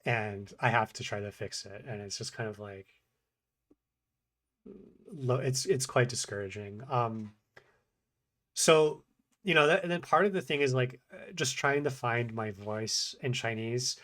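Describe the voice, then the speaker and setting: In his video diary, a man who vlogs about learning languages talks casually and critiques himself, mumbling and shifting from rapid talk to slow phrases with pauses. His voice is medium-pitched and fairly bright, and he repeats brief practice lines haltingly.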